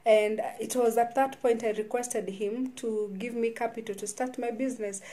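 Woman telling her story, warm. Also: a little high, steady tone. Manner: halting, with frequent restarts and repeated words. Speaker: vlogger. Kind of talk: personal storytelling vlog.

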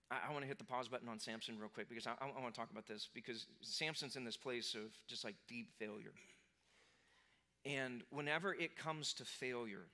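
A church sanctuary is the setting for a pastor whose voice is medium-pitched with a sharp edge. He preaches conversationally, with many fillers and false starts, acting out what the people he mentions say.

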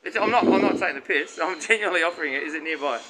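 Man, Australian accent, police officer, rapid speech, placating, noisy outdoor recording. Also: on the high side. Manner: easygoing and placating. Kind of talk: calming conversation.

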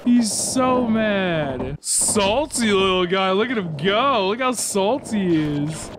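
A man hosting a gaming video, chatting casually and yelping excitedly as he plays. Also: sits high, takes it slowly, noisy background. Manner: excitable, yelps and shouts. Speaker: gaming channel host.

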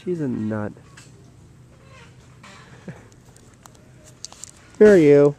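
A woman at home with a handheld camera, playfully coaxing her dog to come closer. She talks slowly, and her voice swoops up and down a lot as she calls. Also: sits low, big pitch swings, noisy background. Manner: coaxing, playful, laughing often. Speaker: pet owner filming her dog. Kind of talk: casual home video.

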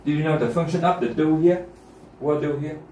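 A man's voice: a little high, fairly even intonation, brisk, mellow, slight background noise. A man teaching a language-test class, checking in often with his students and repeating key points. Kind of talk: classroom lesson. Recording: roomy classroom, mic far off.

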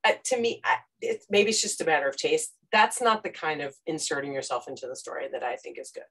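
A woman's voice: low-pitched, fast, breathy edge. A woman, a podcast host telling stories on a panel and acting out quotes with casual fillers. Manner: lively storytelling, acts out quotes, casual fillers. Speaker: podcast host and former radio correspondent, interview guest. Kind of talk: animated panel conversation.

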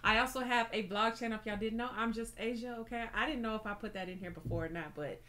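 A woman's voice: fairly high pitch, fast, bright, forceful tone. A woman hosting a reaction video, chatty and giggly, calling her viewers y'all. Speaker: host of a reaction channel. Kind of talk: casual reaction chat.

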